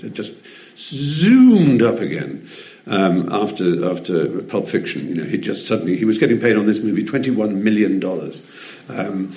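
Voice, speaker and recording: A man's voice: sits low, a little mellow. An English man, an interview guest, telling theatrical anecdotes articulately, with frequent ums. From England. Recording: roomy echo.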